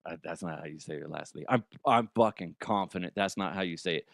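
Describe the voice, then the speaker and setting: A man's voice: sits low, a little fast, vocal fry, few pauses, no room sound, studio quality. Laughing, profane male comedy host. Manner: laughs often, profane, self-mocking. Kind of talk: casual comedic news chat.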